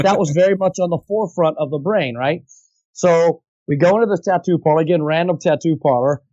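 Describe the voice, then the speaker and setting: Chatty animated man telling a story. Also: on the high side, dry recording, muffled recording. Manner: animated, chatty, slips into impressions. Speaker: voice actor guest. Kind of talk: anecdotal interview storytelling.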